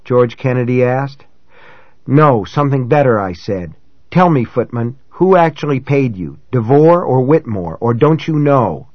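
A man reading a novel aloud in first person, in a measured, dramatic way that rises for shouted dialogue. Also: mid-range voice, animated, no echo, muffled recording. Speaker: audiobook narrator. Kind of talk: scripted first-person narration.

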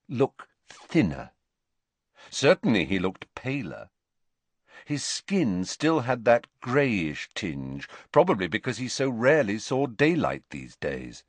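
Male audiobook narrator, lowish lively voice, dry close recording. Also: dry recording. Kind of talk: scripted narration.

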